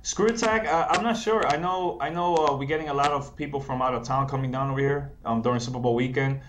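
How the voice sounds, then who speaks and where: A man's voice: mid-range voice, fast talker, a little hiss or hum. A man as a guest on a video call, talking laid-back and repeating himself often. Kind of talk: casual interview.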